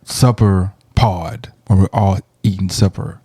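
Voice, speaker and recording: A man co-hosting a podcast in casual chat, laid-back and drawling, often trailing off quietly. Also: deep voice, steady tone, measured pace, breathy edge, no room sound, clean studio sound. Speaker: podcast co-host.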